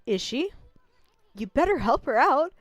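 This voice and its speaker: A woman's voice: high-pitched, big pitch swings, measured pace, dry recording, voice pushed up. A woman voicing a tiny, cocky male sprite sidekick who talks in a brash, boastful, teasing way.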